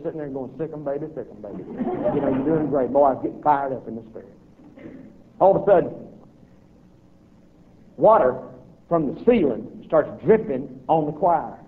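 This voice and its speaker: Animated storytelling preacher, tinny recording. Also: male voice, on the high side, noisy background. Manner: animated, acting out voices and reactions. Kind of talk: humorous storytelling to an audience.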